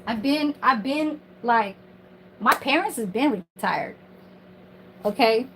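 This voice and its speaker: A woman's voice: on the high side, expressive, slow pace, a bit bright, a little hiss or hum, rough recording. A woman ranting on her livestream from home in a casual, heated, profane and rambling way.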